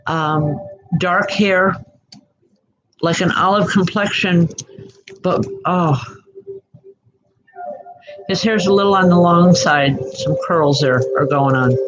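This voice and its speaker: A woman working as a spiritual medium, giving live online readings in a gentle, halting way and addressing viewers by name. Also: on the low side, background noise. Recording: muffled lo-fi audio with music behind.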